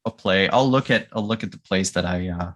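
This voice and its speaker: A man's voice: sits low, fairly quick, crowd noise. Hesitant man chatting about a tabletop game. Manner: hesitant, stammering, wry. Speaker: player. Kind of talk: casual chat planning a tabletop game.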